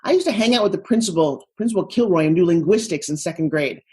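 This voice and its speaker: A middle-aged woman from Long Island, New York, with a Long Island accent, telling stories as a guest in a casual interview, animated and self-mocking. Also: lowish voice, slightly rough. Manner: animated, quick asides and self-mocking humor.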